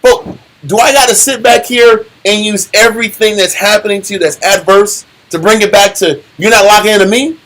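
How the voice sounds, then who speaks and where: A man leading a casual Bible study, animated and full of rhetorical questions and slang. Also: sits high, normal speed, rough recording. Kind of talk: casual scripture teaching.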